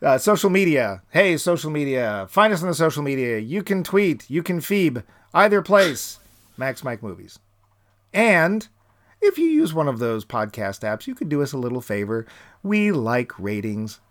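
Male podcast co-host, slightly high voice, jokey and playful on the plugs. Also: big pitch swings, moderate pace. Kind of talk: casual chat.

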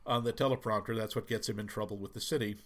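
A man's voice: on the low side, steady tone, quick pace. A middle-aged man from the Boston area, co-hosting a casual movie talk and often quoting lines in put-on voices. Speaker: podcast co-host.

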